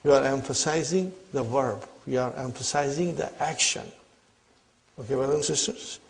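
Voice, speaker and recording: A man's voice: medium pitch, moderate pace, creaky. A man teaching an Arabic grammar lesson. He explains step by step, repeats his questions and often checks "are you with me?".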